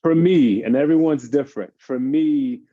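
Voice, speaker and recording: Male fitness expert, mellow tone, lively explainer, slightly lo-fi call sound. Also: mid-range voice, normal speed, no room sound. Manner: animated, explains by acting out his kids' games. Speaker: fitness expert on a parenting panel. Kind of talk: casual panel discussion.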